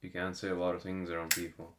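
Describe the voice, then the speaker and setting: Deep-voiced man in echoey room. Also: completely flat delivery, quick pace. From Latvia. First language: Latvian. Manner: blunt, profane. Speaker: podcast guest. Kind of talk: casual chat. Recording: echoey room, faint noise.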